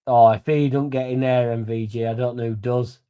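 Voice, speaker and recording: Young lad, fan-channel host, tipsy and sweary, mellow tone, loose and rambling. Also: male voice, medium pitch, fairly even intonation, fairly quick, clear, resonant tone, dull audio. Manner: rambling, sweary and laddish, laughing between lines. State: a bit drunk. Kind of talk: casual livestream chat.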